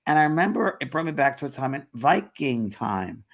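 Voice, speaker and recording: A man hosting a casual chat, telling a story animatedly and briefly voicing the people in it. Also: mid-range voice. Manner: animated storytelling, quotes others with quick voice shifts. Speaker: host.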